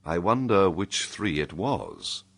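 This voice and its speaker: A British man voicing a wistful young nobleman in an audiobook. He speaks quietly in a low voice. His delivery is plain and close to the reader's own. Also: wildly swooping pitch, slow, vocal fry, exaggerated voice. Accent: British English. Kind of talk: audiobook character voice.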